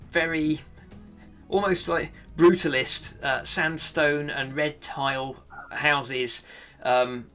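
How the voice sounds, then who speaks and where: A man runs a tabletop game as game master, describing the scene slowly with many pauses and fillers. His voice is bright, with faint music underneath. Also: medium pitch.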